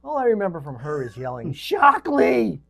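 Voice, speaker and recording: Co-host chatting on a show, really animated voice, trails off sometimes. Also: medium pitch, normal speed. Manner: lively, animated, trails off and restarts. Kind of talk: casual chat.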